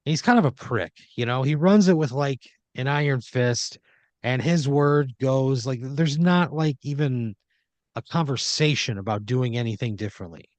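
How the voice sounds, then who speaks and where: A man at a moderate pace and mid-range pitch improvises a second-person story on his comedy podcast, with no echo present. The telling is rambling and filler-heavy, and he sometimes drops into quoted voices.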